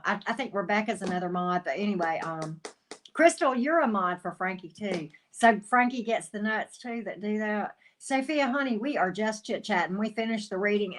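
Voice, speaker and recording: A woman, a tarot reader chatting casually on a livestream, calling viewers honey and sweetie and greeting them by name. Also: mid-range voice. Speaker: tarot reader and channel host.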